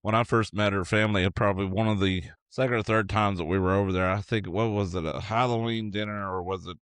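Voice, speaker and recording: A man's voice: lowish voice, fairly even intonation, fast, a bit bright, distant mic. A middle-aged man co-hosting a podcast, telling rambling, sarcastic stories in casual chat. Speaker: podcast co-host.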